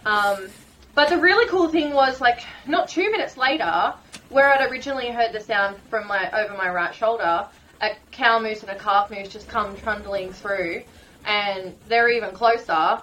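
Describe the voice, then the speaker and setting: Australian woman, podcast guest, animated storyteller, mid-pitched voice. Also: moderate pace, a little hiss or hum, poor audio. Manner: animated, emotional storyteller, laughs often. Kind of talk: casual storytelling.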